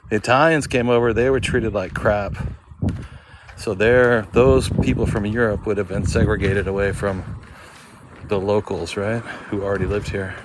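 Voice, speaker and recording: A man's voice: on the low side, background noise. A man vlogging as he walks through a sunny outdoor cemetery, rambling and thinking aloud, often asking himself questions. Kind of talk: casual walking vlog. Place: outdoor cemetery in full sun.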